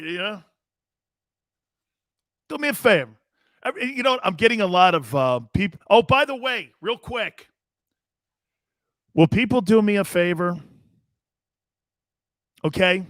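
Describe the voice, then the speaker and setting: Excitable high-voiced male sports show host. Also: dry recording, clean studio sound. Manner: loud, jokey and profane, laughs often; rapid, excitable banter. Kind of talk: live sports talk show, reading viewer chat.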